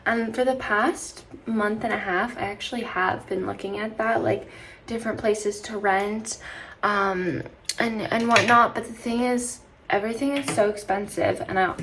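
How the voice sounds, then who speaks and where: A young woman from British Columbia, Canada vlogs casually to camera, tired after not getting enough sleep. Her mid-range voice rambles chattily, full of "like" and restarted sentences, against a noisy background.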